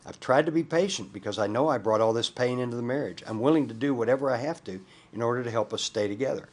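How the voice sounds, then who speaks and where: Guy reading out a sorry wife begging to save her marriage, husky low-key voice, just read straight. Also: quick pace, natural voice. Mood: remorseful. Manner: earnest, reading aloud. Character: remorseful wife pleading in counseling.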